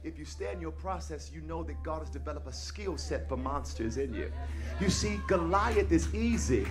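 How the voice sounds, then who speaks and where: A man preaching a sermon, swinging from low, intimate remarks into shouted, sing-song refrains that repeat phrase after phrase and call on the congregation to answer. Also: expressive, normal speed, music in the background. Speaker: pastor. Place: church service.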